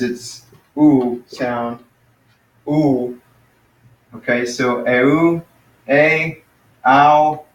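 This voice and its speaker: A man teaching an online class in an informal way, thinking aloud and sounding out vowels slowly. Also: medium pitch. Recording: distant, dull, roomy screencast audio.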